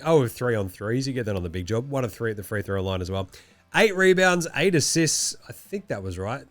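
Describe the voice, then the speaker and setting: A young Australian man hosting a basketball show, giving casual, jokey commentary and swearing freely. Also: mid-range voice.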